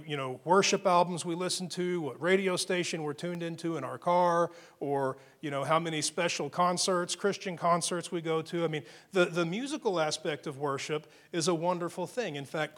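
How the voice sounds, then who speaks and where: A man's voice: fairly high pitch, a bit bright. A man preaching a sermon as pastor, in a conversational way with frequent fillers and repeated phrases.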